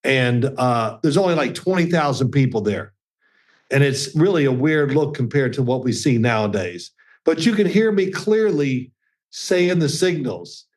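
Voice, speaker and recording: A man's voice: mid-range voice, animated, a little slow. An older man from Kentucky with a slight Southern accent, a former quarterback telling folksy stories as an interview guest. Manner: folksy storyteller, chuckling. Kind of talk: casual interview chat.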